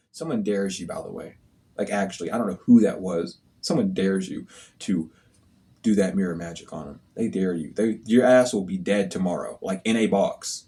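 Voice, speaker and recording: A man's voice: mid-range voice, animated, moderate pace, darkish tone. A man talking straight to his viewers as a spiritual reader, in a blunt, profane, scolding way. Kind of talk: casual monologue to viewers.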